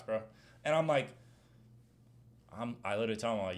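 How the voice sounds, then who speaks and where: Young male streamer, casual slangy Q&A voice, animated rants. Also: fairly low pitch, brisk. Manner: animated slang-heavy rant, gets loud when heated. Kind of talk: casual Q&A chat.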